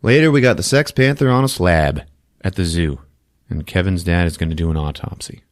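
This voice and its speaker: Guy retelling a movie on his podcast, laughs a lot, acts out the scenes, kinda low voice, dry mic. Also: brisk, no room sound. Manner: animated, laughing, acting out scenes. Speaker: podcast host. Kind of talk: casual film recap.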